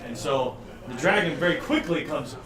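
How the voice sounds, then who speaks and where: A man's voice: fairly high pitch, expressive, moderate pace, roomy sound, distant mic, a crowd in the background. A man narrating a tabletop game as dungeon master, loose and rambling, laughing often.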